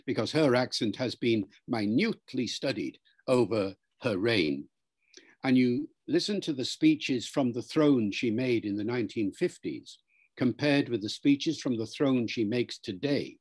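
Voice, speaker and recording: Older man, husky voice, lively pitch; patient expert explaining in an interview. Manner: measured, lecturing, spells out words and demonstrates pronunciations. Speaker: linguist being interviewed.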